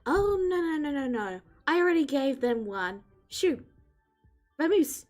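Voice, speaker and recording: A grumpy old dragon in human form, voiced by a woman in a tabletop game, huffing at his visitors. He talks a little high and loud, impatient to get them out. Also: slow, husky, exaggerated voice. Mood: flustered. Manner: huffy, shooing people away.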